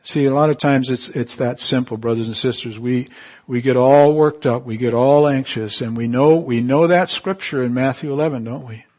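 A man preaching a sermon, calling on the congregation for amens and swinging from emphatic peaks to soft, quiet asides. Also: medium pitch, steady tone, normal speed. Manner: call-and-response, rising to emphatic peaks then dropping soft.

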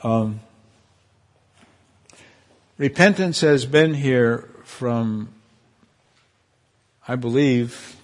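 Speaking extremely slowly and pausing often, a man preaches as a pastor. The sermon is fervent and emotional, and his voice climbs high at its most heartfelt points.

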